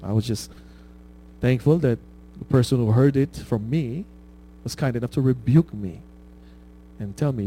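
A man's voice: mid-range voice, normal speed, dark tone, slight background noise, low-quality recording. A man preaching a conversational sermon, checking in with his listeners with "right?" and laughing at his own stories. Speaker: pastor.

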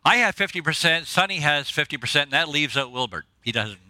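A man preaching a sermon as a visiting preacher, excitable and joking, often laughing at his own lines in church. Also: a little high, a little fast, no echo. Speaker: guest preacher.

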